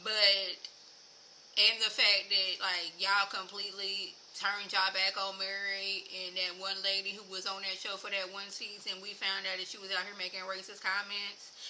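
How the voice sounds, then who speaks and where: Bright-voiced woman giving a chatty review. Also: monotone, moderate pace, slight background noise, poor audio. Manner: chatty and opinionated, addresses viewers as y'all; gets louder and higher when worked up. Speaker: TV show reviewer. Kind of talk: casual recap commentary to viewers.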